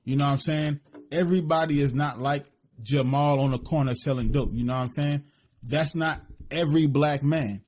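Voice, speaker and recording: A man's voice: fairly high pitch, fairly even intonation, moderate pace, darkish tone. A man from Philadelphia with a Philly accent, co-hosting a podcast in blunt, profane casual talk, constantly asking "you know what I'm saying". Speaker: podcast co-host.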